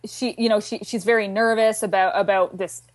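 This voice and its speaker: A young Canadian woman chatting enthusiastically on a podcast, swearing freely and speaking in quick bursts. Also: medium pitch, fairly even intonation, no room sound. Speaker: podcast regular contributor. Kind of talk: casual chat.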